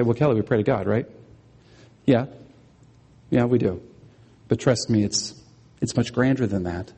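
Pastor preaching in a reverberant hall. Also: male voice, mid-range voice, warm tone, husky. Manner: teaching, explains scripture with questions to the congregation. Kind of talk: sermon.

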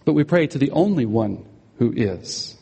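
A man's voice: medium pitch, big pitch swings, moderate pace, vocal fry, dark tone, husky, in a large hall. A man preaching a sermon as pastor, explaining scripture and asking the congregation questions.

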